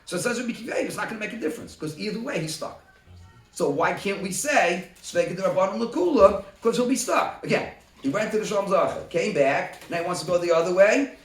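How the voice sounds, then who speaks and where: A man leads a Talmud study group, talking the case through in lively back-and-forth exchanges where he voices each side himself. His pitch swings a lot and sits somewhat high. He is recorded from a distance in a roomy, echoing space. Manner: animated, acts out both sides of the case in quick exchanges. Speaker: rabbi leading a study group.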